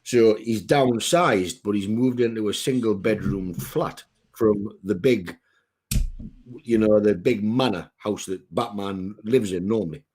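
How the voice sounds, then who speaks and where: A middle-aged Geordie man chats and tells stories in a rambling, jokey way, poking fun at himself as he goes. His voice is low and husky. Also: unhurried, a little mellow. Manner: rambling, jokey, self-deprecating. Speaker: podcast co-host. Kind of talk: casual chat with storytelling.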